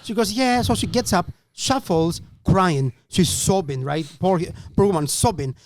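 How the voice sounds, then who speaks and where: A man telling a comedy gig story on a podcast, animated and swearing as he acts out the people in it. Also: high-pitched, a little slow. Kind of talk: casual podcast anecdote.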